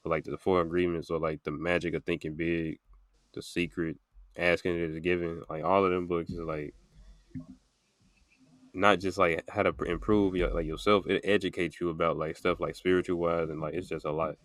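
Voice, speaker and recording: Deep-voiced young man, rambling casually. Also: little pitch movement, moderate pace, no room sound. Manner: rambling, filler-heavy storytelling with many "like"s. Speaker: podcast host. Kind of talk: casual podcast chat.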